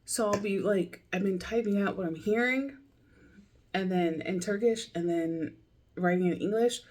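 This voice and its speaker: A woman's voice: medium pitch, normal speed, a little mellow. A woman learning a language, talking it over casually in a video diary, thinking aloud in a loose, rambling way.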